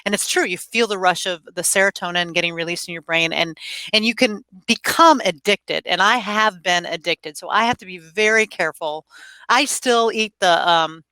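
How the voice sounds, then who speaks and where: A woman's voice: fairly low pitch, normal speed, pushed and bright, dry recording, low-quality recording. A middle-aged woman, a guest and podcast co-host, talking in an earnest, reflective way. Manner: earnest, reflective, speaks from experience. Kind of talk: casual conversation.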